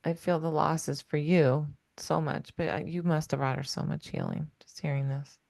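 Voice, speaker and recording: Host: woman, low dark voice, gentle and sympathetic, dry close sound. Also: steady tone, normal speed, gravelly, no room sound. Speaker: podcast host. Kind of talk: interview conversation.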